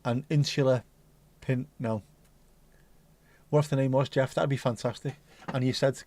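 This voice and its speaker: A man's voice: mid-range voice, steady tone, moderate pace, long pauses, a little mellow. A middle-aged man hosting a casual livestream and chatting in a playful, cheeky, rambling way. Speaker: livestream host.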